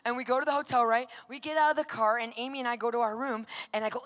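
Woman preacher, high bright voice, acts out the dialogue, goes from whisper to shout. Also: fairly even intonation, rapid-fire, in a large hall. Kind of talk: sermon storytelling.

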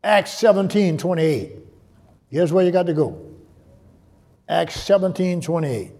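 A man preaching a sermon in church, repeating phrases and building to shouted call-and-response. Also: high voice, lively intonation, measured pace.

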